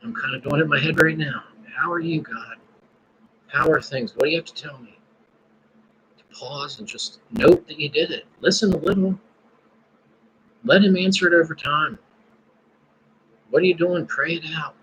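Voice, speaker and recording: A man's voice: a little high, normal speed, long pauses, fairly bright tone, a little hiss or hum, low-quality recording. A man hosting a casual live stream, musing and praying aloud between his thoughts. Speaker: podcast host.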